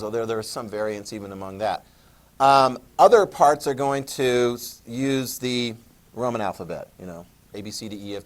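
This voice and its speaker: Guy teaching history in a classroom, jokey, keeps quizzing the kids. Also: mid-range voice. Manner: casual, joking, asks students questions. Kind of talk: classroom lecture.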